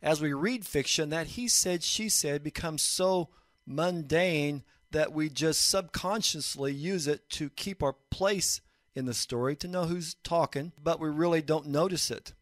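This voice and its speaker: A male college instructor gives a recorded lesson, walking through each point in a calm, measured way. His voice sits a little high for a man. The recording is dry and close, with no room sound. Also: dry recording. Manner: measured, explanatory teaching delivery.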